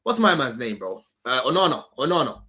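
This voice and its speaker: A man's voice: medium pitch, big pitch swings, a little fast, sharp tone. A man chatting about football in a slangy, laid-back way, chuckling as he talks. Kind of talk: casual football chat.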